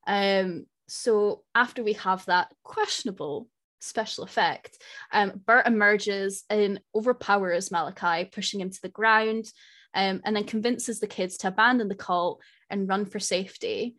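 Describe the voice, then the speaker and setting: A woman co-hosting a casual film-review chat, talking quickly and swearing. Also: mid-range voice, fairly bright tone. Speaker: podcast co-host.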